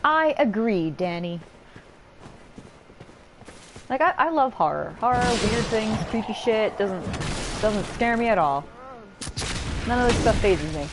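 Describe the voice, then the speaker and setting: A woman's voice: on the high side, expressive, normal speed, noisy background. A young woman casually commenting as she streams a video game, chatty and laughing, reading chat aloud and swearing.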